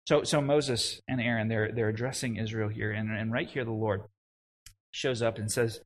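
A young adult man preaching a sermon, animated, with frequent restarts and conversational asides. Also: lowish voice, moderate pace. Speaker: pastor.

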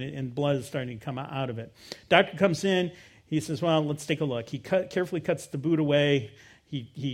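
A middle-aged man preaching a sermon, telling a personal story and swinging from loud emphasis to quiet, low asides. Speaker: pastor.

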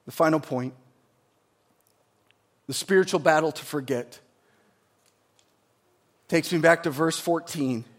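Slow and pausing often, a pastor whose voice is notably high for a man delivers a sermon. He begins with steady teaching, builds into fervent, emphatic preaching, and keeps asking the congregation rhetorical questions.

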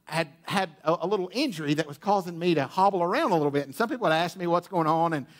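A man's voice: fairly high pitch, fast talker. A pastor preaching to his congregation, telling a humorous personal story with lots of restarts and asides, in a church auditorium. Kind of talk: storytelling sermon. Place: church auditorium with sound booth.

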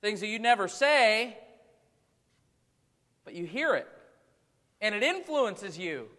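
High-voiced man preaching in a reverberant hall. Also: very animated, slow pace, sharp tone. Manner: conversational preaching with rhetorical questions. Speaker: pastor. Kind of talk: sermon. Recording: long reverb of a large hall.

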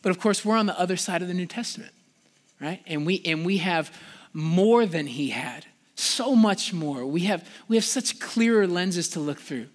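A man preaches in a loose, conversational manner, leaning on "like" and pressing harder as he pleads his point. His voice sits high for a man. The sound carries a long reverb, as in a large church sanctuary. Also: expressive, normal speed. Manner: casual, conversational preaching with frequent "like"; passionate, rising in pitch and volume when pleading. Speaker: pastor. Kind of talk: sermon.

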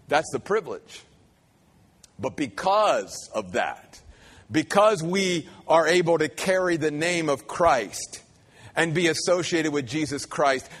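High-voiced preacher in a reverberant hall. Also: male voice, fairly bright tone. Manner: emphatic preaching with slow stressed phrases and repeated lines. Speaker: pastor. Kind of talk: sermon.

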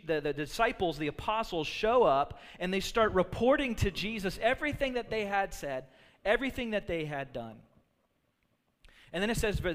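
A man preaching a sermon as a pastor, animated and storytelling, acting out quotes from the people in his story. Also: a little high. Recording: long reverb of a large hall.

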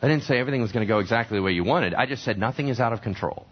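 A man's voice: mid-range voice, racing. A man preaching a sermon as a pastor, talking conversationally and asking the congregation questions. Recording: dull lo-fi recording.

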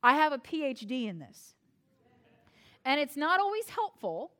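A woman pastor preaching a sermon from the United States, expressive and playful, with self-deprecating humor and acted-out quotes. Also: high voice, unhurried.

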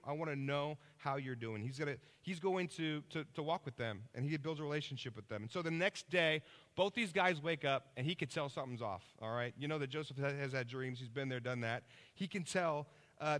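A man preaching a sermon, telling lively stories and checking in with his listeners. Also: fairly high pitch, big-room sound. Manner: energetic storytelling, checks in with listeners.

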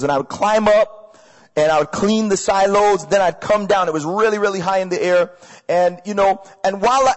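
A man preaching a sermon as a pastor, energetic and conversational, repeating phrases for emphasis to a crowd. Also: high-pitched. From Canada. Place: large hall with audience. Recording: echoey hall.

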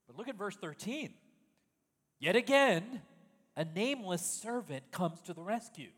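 A man's voice: high voice, expressive, measured pace, fairly bright tone, breathy edge, in a large hall. A man preaching a sermon in an emphatic style, full of rhetorical questions. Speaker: pastor.

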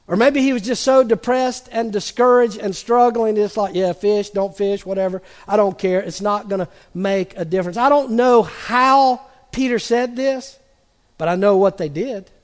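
High-voiced preacher in a reverberant hall. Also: male voice. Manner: conversational preaching, acts out quotes, drops to soft pauses. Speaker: pastor. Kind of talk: sermon.

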